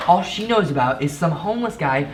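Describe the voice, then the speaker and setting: A man's voice: fairly high pitch, lively intonation, brisk, slight background noise, close to an everyday voice. An actor playing a homeless man telling a dramatic story of his rescue.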